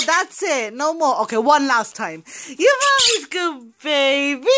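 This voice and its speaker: A woman's voice: high voice, very animated, measured pace, few pauses, pushed and bright. A woman talking baby talk to her pet parrots at home, cooing and repeating sing-song phrases with frequent laughter. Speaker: pet parrot owner filming her birds.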